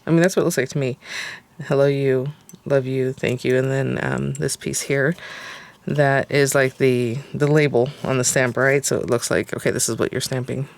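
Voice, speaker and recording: A woman's voice: extremely low pitch, steady tone, normal speed, vocal fry. A woman hosting a casual crafting tutorial, chatting and thinking aloud with lots of fillers as she works. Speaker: craft channel host.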